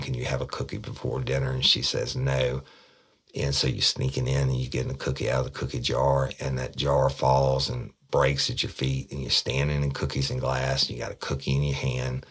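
A man's voice: rumbling low, creaky, a bit bright, husky. A middle-aged man, a detective bluntly recounting an interrogation. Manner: blunt, profane storytelling.

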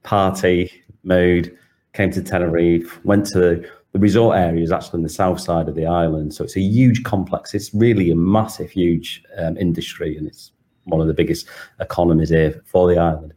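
Manchester man, low mellow voice, chatty guest on a call. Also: steady tone, normal speed. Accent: Manchester English. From Manchester, England. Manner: chatty, laughs often. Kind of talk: casual conversation.

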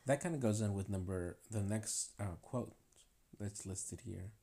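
A man's voice: lowish voice, unhurried, gravelly, warm tone. A man co-hosting a podcast, speaking briefly and hesitantly in a casual conversation. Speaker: podcast co-host.

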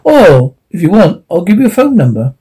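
A man voicing a small, wisecracking private detective in a brisk manner in an audiobook reading. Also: high-pitched, sing-song, warm tone, husky, heavily acted, rough recording. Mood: wry.

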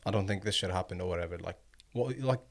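A man hosting a casual football podcast, quizzing his co-hosts and drawing out his questions. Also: deep voice. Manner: quizzing co-hosts, teasing, drawn-out prompts. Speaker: podcast host.

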